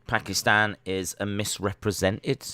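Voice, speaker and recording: A man's voice: on the low side, steady tone, unhurried, sharp tone, dry recording. A man hosting a casual live watch-along stream, chatting and reading search results and chat messages aloud.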